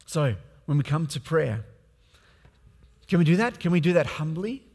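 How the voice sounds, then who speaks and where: A man's voice: on the high side, sing-song, moderate pace, darkish tone, breathy edge, in a large hall. A man preaching a sermon as a pastor, speaking conversationally with many fillers and restarts.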